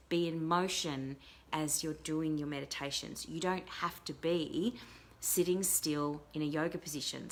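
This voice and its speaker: A middle-aged woman hosting a casual talk show as a life coach, chatting in a rambling way with many fillers and restarts. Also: low-pitched. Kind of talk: casual live-stream talk.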